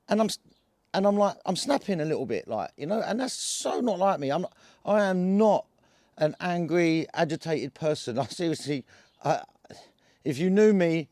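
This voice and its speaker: Rambling Essex man, fairly high voice. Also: warm tone, no echo, studio quality. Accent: Essex English. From England. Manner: rambling, slangy, lots of restarts and filler. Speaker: cannabis vlogger. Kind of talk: casual storytelling monologue.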